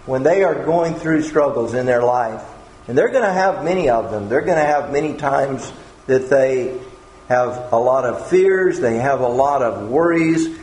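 Slow, earnest male preacher in echoey room. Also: mid-range voice, animated, darkish tone. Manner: earnest, repeats words while searching for phrasing. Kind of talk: sermon. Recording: echoey room with faint background noise.

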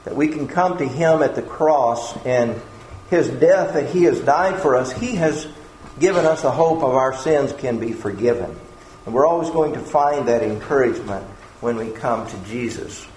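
A man's voice: mid-range voice, expressive, normal speed, a little mellow. A man preaching a sermon in an earnest way, often repeating words as he searches for the phrasing. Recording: echoey room with faint background noise.

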